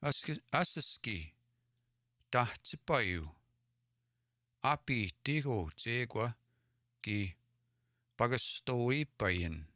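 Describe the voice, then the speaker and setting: A man's voice: mid-range voice, expressive, drawn-out words, long pauses, bright, forceful tone, no echo, clean studio sound. A man from the Edmonton area in Alberta, hosting a livestream where he reads a story aloud, translates it word by word, and sounds out words he is unsure of. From Edmonton area, Alberta, Canada. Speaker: livestream host reading Cree stories.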